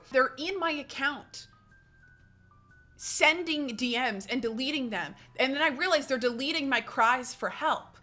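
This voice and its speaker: Bright-voiced young woman telling a story. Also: a little high. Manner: dramatic, self-mocking, acts out her own panicked quotes. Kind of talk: storytelling vlog.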